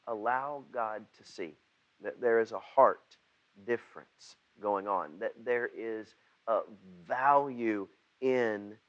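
A man preaching a sermon to his church. He halts and repeats words, then gets loud when he acts out prayers. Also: mid-range voice, highs cut off. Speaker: pastor.

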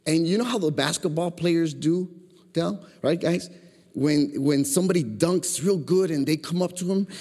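Speaking as a guest preacher in a spacious church sanctuary, a man from Chicago has a slightly high, mellow, husky voice and a moderate pace. His informal sermon is full of jokes, and he draws the congregation into call-and-response.

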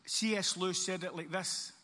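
A man's voice: sits high, steady tone, normal speed, bright, forceful tone. A man preaching a sermon as pastor, earnest, with a repeating emphatic cadence. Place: church hall. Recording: church hall reverb, faint ambience.

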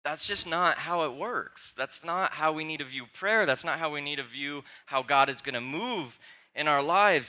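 Bright-voiced young male pastor preaching. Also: fairly high pitch, lively intonation, moderate pace. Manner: conversational preaching with personal anecdotes and humor. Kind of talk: sermon. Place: church sanctuary.

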